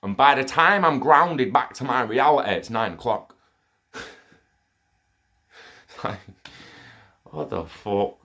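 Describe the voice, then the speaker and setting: A man's voice: mid-range voice, slow, pauses often. A young man telling a rambling personal story in a casual monologue, swearing often. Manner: profane, rambling and excitable. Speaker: storyteller sharing an experience.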